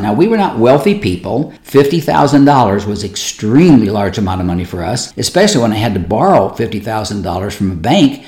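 A man's voice: a little fast, hardly any pauses, roomy sound. A man preaching as a pastor, telling personal stories in a conversational way and acting out the people he quotes. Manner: conversational, acts out quoted voices with lively pitch jumps. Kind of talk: sermon storytelling.

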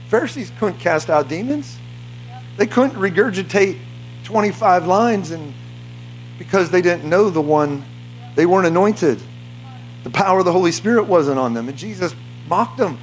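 A man preaching a charismatic sermon to a congregation in a church, fervent, breaking into shouts and laughter. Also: high voice, animated, moderate pace, long pauses, soft background music. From United States. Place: church meeting before a congregation.

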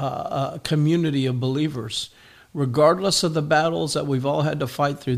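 Older guy pastor, gravelly voice, slow sermon, lots of uh pauses. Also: on the high side. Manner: slow emphatic declarations with frequent "uh" pauses.

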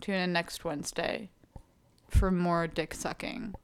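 A woman's voice: fairly low pitch, fairly even intonation, measured pace, clean tone. A young woman co-hosting a podcast, telling stories in a rambling, casual way full of fillers. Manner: rambling storyteller with many fillers. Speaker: podcast co-host. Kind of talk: casual chat.

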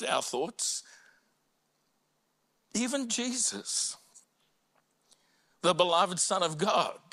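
Male pastor, slow deliberate sermon delivery, fairly high voice with bright tone, earnest, swells to pleading cries. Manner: earnest, rising to impassioned cries when voicing prayers; slow and deliberate, dropping low and quiet on personal points. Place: church.

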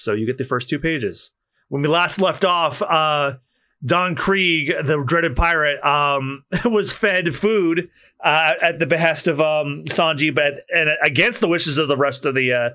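A man's voice: on the high side, unhurried, bright, forceful tone. A man co-hosting a podcast, chatting casually during a manga read-through. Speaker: podcast co-host.

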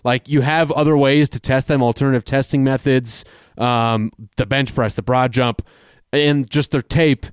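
Male co-host, calm reasoned sports talk, clear voice, dry room. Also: mid-range voice, normal speed, dry recording. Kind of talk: casual sports chat.

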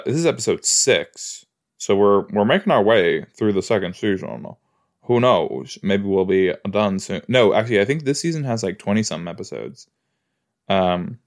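A man hosting a podcast, chatting casually and rambling with playful asides as he reacts to a TV episode he is watching. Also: lowish voice. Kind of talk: casual watch-along commentary.

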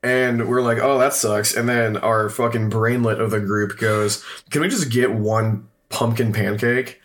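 A man's voice: on the low side, fairly even intonation, unhurried, a bit bright. A young man co-hosting a podcast, telling funny stories in casual chat, swearing a lot and laughing often. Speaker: podcast co-host.

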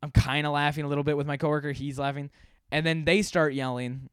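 A man's voice: a little high, little pitch movement, fast, clear, resonant tone, no room sound, clean studio sound. A man telling a story from his job in a casual, rambling, profane way, with many fillers and self-deprecating asides.

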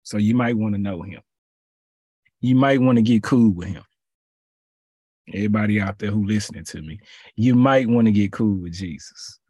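A man giving a casual sermon in relaxed slang, repeating his phrases for emphasis. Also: on the low side, moderate pace, long pauses, breathy edge, dry recording. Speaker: preacher.

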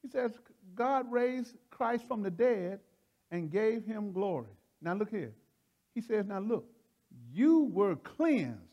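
A man preaching in a folksy, excitable way, often laughing and repeating phrases as he teaches. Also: high voice, takes it slowly, highs cut off. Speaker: preacher leading a Bible study. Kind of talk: animated sermon teaching.

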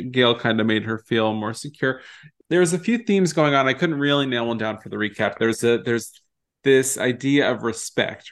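A man co-hosting a podcast, chatting casually and animatedly while recapping a TV episode and quoting its scenes. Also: medium pitch. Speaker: podcast co-host.

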